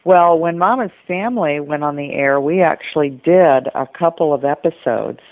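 An older actress in an interview, telling stories in a relaxed, chatty way and laughing often. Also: female voice, low voice, normal speed, no echo. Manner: chatty storyteller, laughs often, quotes others. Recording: tinny phone-like audio, dry.

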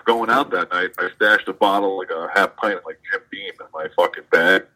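A man's voice: sits low, brisk, bright, forceful tone, rough recording. A man, a wrestler being interviewed, telling a rambling, profane story in casual chat full of fillers. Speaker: professional wrestler guest.

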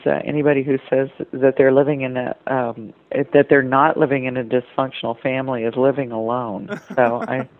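An older actress in an interview, telling stories in a relaxed, chatty way and laughing often. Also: female voice, extremely low pitch. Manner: chatty storyteller, laughs often, quotes others. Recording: tinny phone-like audio, dry.

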